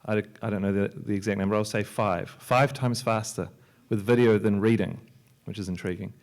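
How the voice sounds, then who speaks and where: Guy with a lowish voice giving a panel talk at a library, jokey, lots of um and restarts. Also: steady tone, fairly quick, vocal fry, darkish tone. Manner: joking, loose, with many restarts and fillers. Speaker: panel speaker, software entrepreneur and filmmaker. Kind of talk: conference talk. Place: lecture hall at a library.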